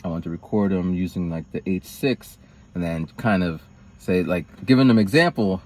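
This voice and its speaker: A man's voice: sits low, moderate pace. A man telling a personal story in a rambling vlog, acting out other people's lines with big swings of voice. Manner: rambling, animated, acts out quoted lines in raised voices. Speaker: vlogger.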